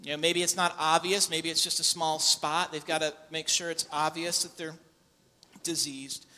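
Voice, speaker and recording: A man's voice: on the high side, little pitch movement, normal speed. Preacher man in an echoing hall. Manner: builds to loud impassioned preaching. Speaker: pastor. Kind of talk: sermon. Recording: long echo in a large hall.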